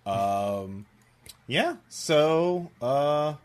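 A man narrating as game master, rambling with many fillers and pauses. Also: fairly high pitch, lively intonation.

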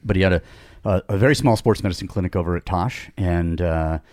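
A man's voice: deep voice, a little fast, darkish tone, no echo, studio quality. A middle-aged man telling a long casual story on a podcast, rambling with many restarts and asides. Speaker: podcast guest.

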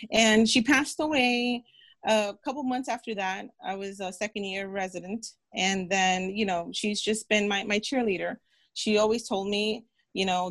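A woman in her thirties, a physician guest in an interview, talking earnestly and encouragingly, repeating phrases and acting out quotes. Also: mid-range voice. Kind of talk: interview storytelling.

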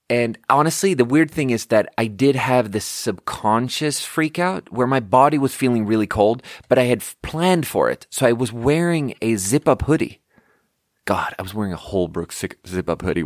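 A man's voice: lowish voice, dry recording, clean studio sound. A young man hosting a podcast, telling a story in a rambling, self-deprecating way full of fillers and restarts. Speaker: podcast host. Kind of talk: casual storytelling monologue.

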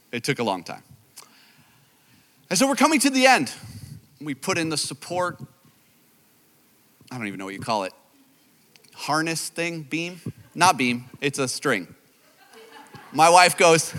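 A man, a youth pastor, preaching a sermon and telling self-deprecating stories in an animated way. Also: a little high, in a large hall. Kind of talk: sermon with storytelling.

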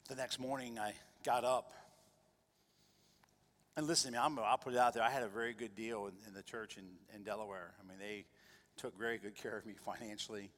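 A man's voice: lowish voice, steady tone, a little fast, fairly bright tone, in a large hall. A male pastor telling a personal testimony in a sermon, earnest, sometimes repeating his words. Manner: earnest storytelling, repeats himself.

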